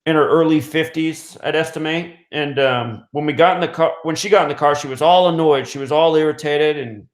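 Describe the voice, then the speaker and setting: A man's voice: a little high, fairly quick, few pauses. A man host telling a long story in a loose, casual way, full of fillers, restarts and small chuckles. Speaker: radio host. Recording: roomy echo.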